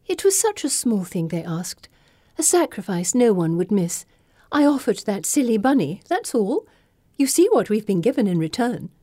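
A woman's voice: a little high, sing-song, moderate pace, dark tone, no echo, studio quality, voice pushed up. A woman voicing a cruel, coquettish teenage girl who speaks coolly and sometimes sinks into a menacing whisper. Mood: taunting. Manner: cool, sly, drops to menacing whispers. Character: coy, cruel teenage girl queen, taunting.

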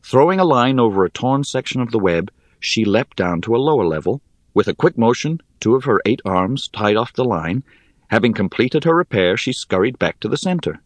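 A man narrating a fantasy novel in the first person, measured and expressive. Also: medium pitch, no room sound. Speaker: audiobook narrator.

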